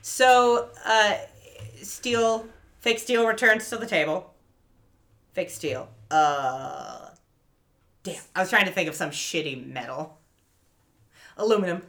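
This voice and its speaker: A woman's voice: on the low side, takes it slowly, long pauses. A woman co-hosting a podcast, casually retelling a TV episode and acting out the characters' lines, laughing and swearing as she goes. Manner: animated storyteller, laughs often, swears casually. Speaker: podcast co-host recapping a TV episode. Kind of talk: casual chat, retelling scenes with quoted voices.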